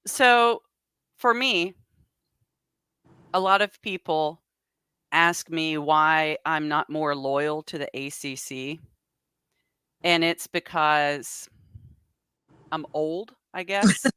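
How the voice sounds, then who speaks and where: Slow, bright-voiced woman host. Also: low voice, clear, resonant tone, no echo. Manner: unhurried, mixes in French words. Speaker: podcast host. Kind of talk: casual panel chat.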